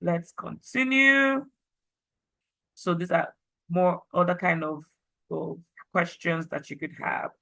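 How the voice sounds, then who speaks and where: Lively Nigerian woman teaching a class. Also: on the low side, slow pace, vocal fry, pauses often, rough recording. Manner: lively, chatty and encouraging, mixing in pidgin. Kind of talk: online class lecture.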